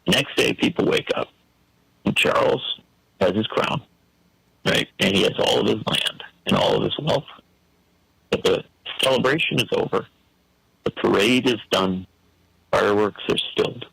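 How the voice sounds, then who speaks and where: A man's voice: lowish voice, moderate pace, vocal fry, pauses often, fairly bright tone, slightly rough, poor audio. A man giving an emphatic, preacherly political commentary on a talk show, full of rhetorical questions.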